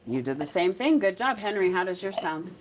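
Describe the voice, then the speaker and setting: A woman's voice: lowish voice, sing-song, brisk, background noise. A woman teacher leading a small group of children through a reading lesson, coaxing them with encouraging questions. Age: adult. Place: classroom.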